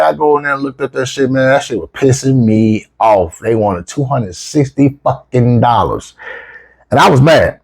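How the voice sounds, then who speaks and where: A man with features, casually telling a travel story as a vlogger, swearing freely and jumping up in pitch when he quotes himself. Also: a little slow, creaky. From United States. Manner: animated, profane, rises sharply when quoting himself.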